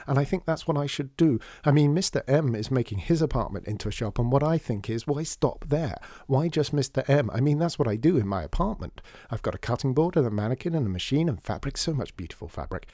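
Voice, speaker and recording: A man's voice: mid-range voice, lively intonation, fast, hardly any pauses, dark tone, dry recording, studio quality, voice pushed up. A man voicing a chatty, scatterbrained young woman who studies fashion, rambling and gushing in a storybook reading.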